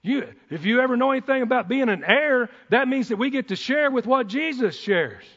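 Man, preacher, folksy excitable sermon, high voice, muffled audio. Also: fairly quick. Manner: folksy and excitable, with whoops and asides. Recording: dull sound in a reverberant hall.

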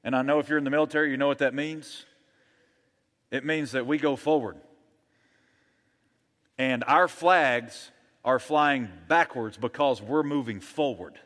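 Brief: male pastor, emphatic rallying sermon delivery, mid-pitched, long hall reverb. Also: unhurried, long pauses, fairly bright tone.

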